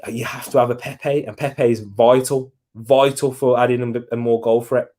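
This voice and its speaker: A man's voice: mid-range voice, steady tone, moderate pace, warm tone. A young man hosting a live football watch-along, chatting casually, reacting to the match and answering viewer comments.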